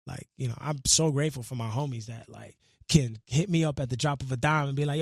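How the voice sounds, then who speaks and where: A man's voice: a little high, a little fast, vocal fry, breathy edge, no echo. Earnest New man in a dry studio. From Brooklyn, New York. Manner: earnest, reflective, slangy, half-recites lyrics. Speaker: guest musician. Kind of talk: casual interview chat. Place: radio studio.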